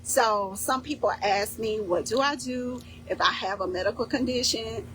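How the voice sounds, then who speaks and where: Emphatic woman leading a faith-based fast. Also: a little high, slight background noise, rough recording. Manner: warm, emphatic, repeats key points with "okay?". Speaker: faith-based fasting program leader. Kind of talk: casual instructional talk to a community.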